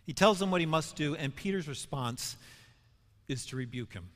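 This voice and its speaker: A man's voice: a little high, expressive, normal speed. A man giving a Bible teaching sermon, asking questions and building to emphatic peaks. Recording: long hall reverb.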